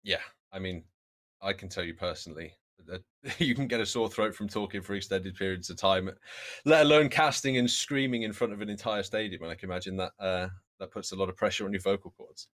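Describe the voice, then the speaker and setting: A man hosting an interview, reading out viewer questions in a relaxed, agreeable way. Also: sits low, brisk. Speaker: host, interviewer.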